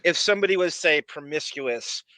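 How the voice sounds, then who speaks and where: Animated giggly man, bright voice. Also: a little high, normal speed, no echo. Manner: giggly, playful, bursts into laughter and silly voices. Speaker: podcast co-host. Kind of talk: casual chat.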